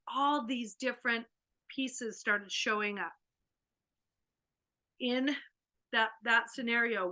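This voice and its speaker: A woman hosting an online workshop, telling a family story in a lively way over a video call. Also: on the high side. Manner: animated, acts out a child's panic. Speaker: workshop host.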